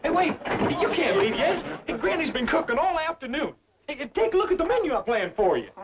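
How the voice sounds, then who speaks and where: A naive, boastful young hillbilly talks in a very high, bouncy Ozarks drawl. He is eager and folksy. The track is a muffled old sitcom soundtrack with loud hiss. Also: very animated, brisk. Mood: pleading. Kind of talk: 1960s sitcom acting.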